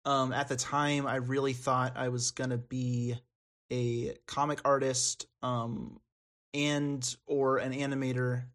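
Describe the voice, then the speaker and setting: A man's voice: medium pitch, level tone, slow pace, a bit bright. Rambling young man, casual chat. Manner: rambling, many restarts and fillers. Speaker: podcast guest.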